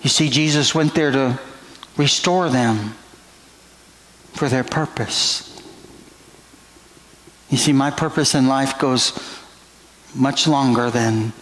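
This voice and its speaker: A man's voice: mid-range voice, takes it slowly, pauses often, fairly bright tone, low-quality recording. A middle-aged man preaching a sermon as pastor in a church, earnest and drawn out. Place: church sanctuary.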